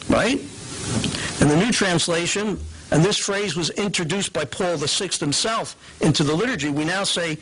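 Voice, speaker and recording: A man giving a lecture on liturgical prayer, who reads prayers aloud slowly and often checks in with his listeners. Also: fairly high pitch, a bit bright, slight background noise, low-quality recording. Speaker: teacher on liturgy. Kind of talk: explanatory lecture.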